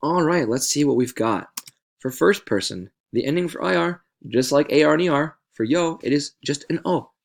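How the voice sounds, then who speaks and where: Gravelly-voiced male Spanish teacher. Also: a little high, lively intonation, normal speed. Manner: patient, repeats words to stress pronunciation. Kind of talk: video lesson narration.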